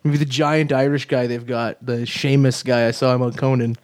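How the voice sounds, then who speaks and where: A man's voice: mid-range voice, level tone, normal speed, a little mellow. A man hosting a casual chat, joking and laughing often as he steers the talk.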